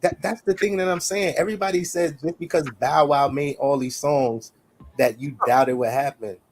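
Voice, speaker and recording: In a fiery, informal argument on his podcast, a male co-host keeps restating his case with emphasis and returns over and over to "you see what I'm saying." His pitch sits fairly high, his tone stays steady, and his pace is moderate.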